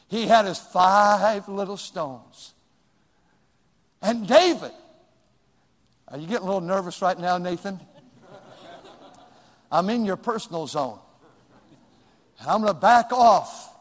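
An older man preaching a sermon as pastor, swinging from hushed asides to sudden shouts. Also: sits high, big-room sound.

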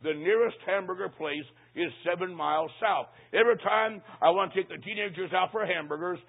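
A hushed, deferential man answering quietly, a high, gravelly voice put on by a preacher. The sound is thin and phone-like. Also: fairly quick. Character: soft-spoken male song leader, polite. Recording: tinny lo-fi line.

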